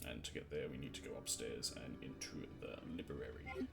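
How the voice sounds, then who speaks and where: A man's voice: very deep voice, fairly quick, gravelly, over music. A man streaming a video game, chatting casually to himself as he plays, swearing, laughing and trailing off, shivering a little from the cold. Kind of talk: casual let's-play commentary.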